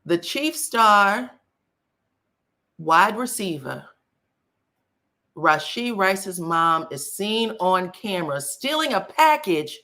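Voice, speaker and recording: A woman's voice: mid-range voice, expressive, slow, pauses often, bright, forceful tone. Chatty woman dishing gossip. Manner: chatty, exclaims and reads viewer comments aloud. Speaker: celebrity gossip host. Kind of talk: casual live-stream gossip chat.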